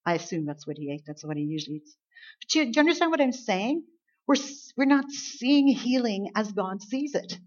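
A woman pastor delivering a sermon, building to emphatic peaks and dropping to soft, earnest tones. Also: mid-range voice, animated, brisk. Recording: dull lo-fi church recording.

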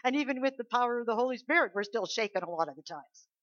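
A woman preaching a sermon, emphatic, swinging between loud declarations and soft asides. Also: a little high, expressive, fast talker, dry recording. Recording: dull lo-fi dry recording.

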